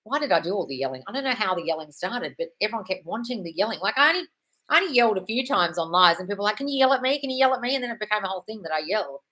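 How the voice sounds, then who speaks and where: A woman's voice: mid-range voice, animated, very fast, bright, forceful tone, rough recording. A woman hosting a live question-and-answer stream, reading out viewer comments and answering them with effusive praise and frank, sometimes sweary advice, calling everyone darling. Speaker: manifestation coach host.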